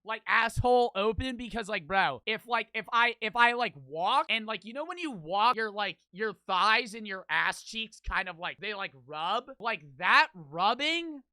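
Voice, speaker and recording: High, bright-voiced young man ranting. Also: moderate pace, few pauses, no echo. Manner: animated, profane, repetitive storytelling. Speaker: streamer. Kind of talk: casual storytelling.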